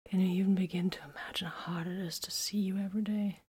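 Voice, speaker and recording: A woman voicing an exhausted, wounded female warrior in a whispered role-play, speaking softly with quiet teasing. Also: on the low side, steady tone, normal speed, husky. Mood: weary. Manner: soft, weary, quietly teasing.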